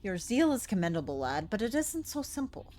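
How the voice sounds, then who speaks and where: A woman voicing a gruff, blunt older male dwarf chief with a put-on rough folksy accent, reading game dialogue. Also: medium pitch, sing-song, fairly quick, a little mellow, faint music behind, lightly acted. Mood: wry.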